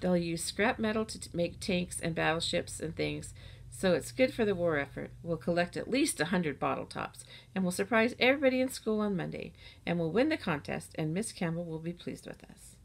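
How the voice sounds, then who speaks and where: A bossy little schoolgirl leads her friends in an eager, commanding rush, as a woman reads her aloud. The voice sits slightly low for a girl and keeps the steady tone of a storybook reading. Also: a little fast, vocal fry. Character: young schoolgirl, bossy ringleader of a secret club.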